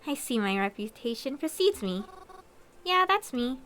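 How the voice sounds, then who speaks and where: A woman's voice: a little high, very animated, moderate pace, a little hiss or hum. A woman narrating a voice-acted story and speaking as its kind, comforting heroine. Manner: warm, comforting, gently reassuring. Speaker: storyteller voicing herself as Mary.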